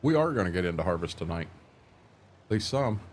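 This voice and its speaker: An older man hosts a live stream, chatting casually in a plainspoken, folksy, rambling way and repeating words as he thinks. His voice sits low, very animated and a little fast, with a little hiss or hum.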